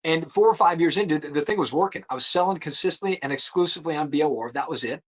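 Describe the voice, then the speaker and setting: A man in his thirties telling his career story in a casual interview, slangy and animated, swearing now and then and saying "dude" and "like" a lot. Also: on the high side, fast talker. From US East Coast. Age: 30s. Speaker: insurance producer, guest.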